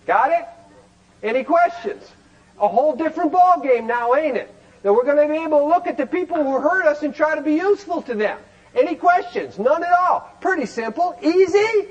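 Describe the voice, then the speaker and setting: High-pitched man lecturing animatedly. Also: fairly quick, muffled recording. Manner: animated, rhetorical questions, bursts of shouting. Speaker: recovery program speaker. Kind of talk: lecture to a group.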